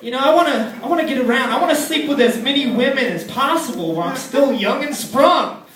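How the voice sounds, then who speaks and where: A young man in his twenties doing a crude, rambling stand-up routine in a comedy club, often slipping into squeaky put-on voices. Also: lively intonation, brisk. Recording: echoey club with loud crowd, distant mic.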